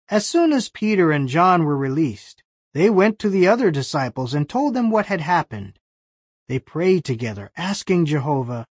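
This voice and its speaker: A narrator reading a bible story lesson in slow, clear scripted storytelling. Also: mid-range voice, big pitch swings, no echo, clean studio sound.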